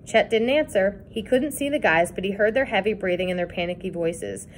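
Woman narrator, read-aloud kids' book, expressive. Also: medium pitch, a little fast, a little hiss or hum. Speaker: reader.

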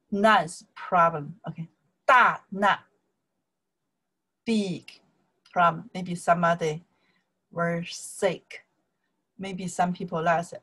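Slow, patient woman teaching Chinese. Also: mid-range voice, a bit bright. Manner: slow and patient, repeating words and tones, often checking with "okay" and "right". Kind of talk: slow casual language lesson.

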